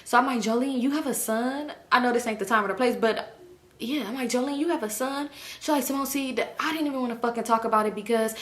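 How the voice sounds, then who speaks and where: A young woman vlogger telling a storytime, animated, acting out quoted voices and swearing freely. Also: on the high side, fast talker. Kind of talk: casual storytime.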